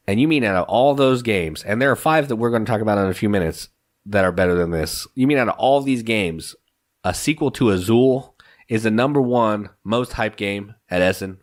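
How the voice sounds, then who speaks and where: A man with a lowish voice gives his views in a casual podcast chat. He is emphatic and opinionated, pressing his points with conviction. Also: lively intonation, brisk. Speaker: podcast co-host.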